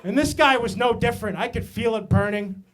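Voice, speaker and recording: A man from Maine telling stand-up comedy stories, animated and self-mocking, with asides to the audience. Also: extremely high pitch, fairly quick, a faint crowd. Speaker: stand-up comic.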